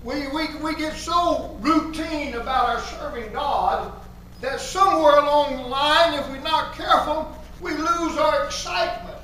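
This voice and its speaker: A pastor delivers a fervent sermon at a measured pace in a very high, bright voice, repeating key phrases for emphasis. He sounds distant from the microphone, and heavy echo fills the church sanctuary, along with slight background noise.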